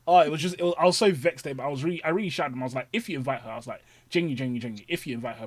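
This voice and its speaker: A man's voice: a little high, very fast, few pauses, no echo. A man hosting a podcast, chatting casually and animatedly acting out his own past rants. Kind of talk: casual chat.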